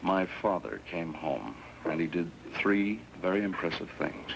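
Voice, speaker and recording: A wry, troubled defendant. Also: male voice, low-pitched, animated, creaky, background noise, heavily acted. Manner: wry, self-mocking, halting. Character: troubled, wry male defendant, self-conscious. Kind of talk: 1960s TV courtroom drama.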